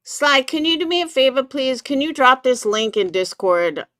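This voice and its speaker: A woman's voice: sits high, sing-song, moderate pace, a bit bright, no echo, clean studio sound. A woman hosting a casual live stream from her computer, chatting with viewers and greeting them by name. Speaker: livestream commentary host.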